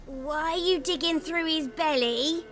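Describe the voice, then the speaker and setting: A woman's voice: sits high, a little slow, fairly bright tone. An actress voicing a curious, blunt little village girl in a video game, asking inquisitive questions. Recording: game music playing behind.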